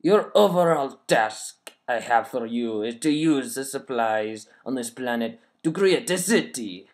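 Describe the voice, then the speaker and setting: Man putting on a gloating evil villain, mock French accent, loud and theatrical, mid-pitched, cackling menace. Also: lively intonation, unhurried, lightly acted. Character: gloating evil male villain writing notes. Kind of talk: reading a note aloud in a put-on voice.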